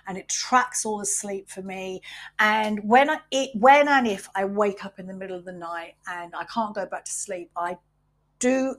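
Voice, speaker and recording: A middle-aged woman hosting a podcast, talking candidly about her wellbeing routines, unhurried and reflective, swearing freely. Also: medium pitch. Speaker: podcast host.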